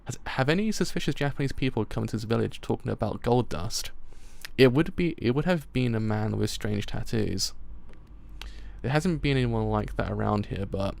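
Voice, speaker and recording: A man's voice: lowish voice, normal speed, gravelly, a little mellow. A man with a British accent reading manga dialogue aloud as a live reaction, stumbling over words and breaking into swearing and laughter.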